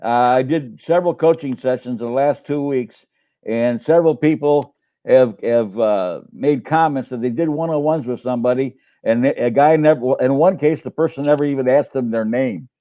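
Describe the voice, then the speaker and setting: A man's voice: medium pitch, normal speed, mellow. Older man, coach, rambling, restarts, muffled sound. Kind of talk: casual live-stream chat.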